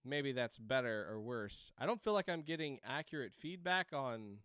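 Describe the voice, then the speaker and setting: A man's voice: medium pitch, lively intonation, moderate pace, fairly bright tone, clear, resonant tone, dry recording, clean studio sound. A man playing a video game at home into a desk microphone, rambling, laughing and breaking into screams. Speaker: game streamer. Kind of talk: let's-play commentary. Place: home room.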